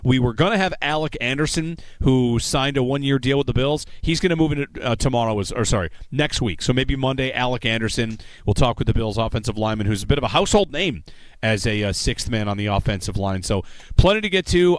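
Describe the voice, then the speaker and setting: A man's voice: medium pitch, lively intonation, brisk, dry recording. A man hosting a sports talk radio show, chatting in a rambling, conversational way and reading show promos from a radio studio.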